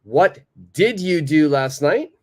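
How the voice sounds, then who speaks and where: A man's voice: fairly high pitch, lively intonation, takes it slowly. A man with a North American accent teaching a live online English lesson, patiently repeating phrases for learners to copy.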